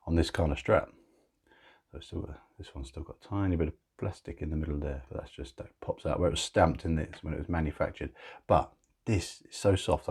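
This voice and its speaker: A man talks through a watch review in a chatty, enthusiastic way, piling on praise. His voice sits low and has a husky edge. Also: a little mellow. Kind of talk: casual product review narration.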